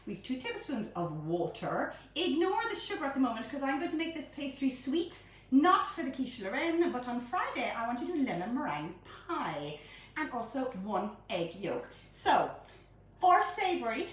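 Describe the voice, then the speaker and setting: A middle-aged woman chatting bubbly and animated as she hosts a live baking demonstration from her home kitchen. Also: high voice, normal speed. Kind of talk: live-streamed cooking demonstration. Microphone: phone camera held by a helper at a distance. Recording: echoey room, phone mic from far off.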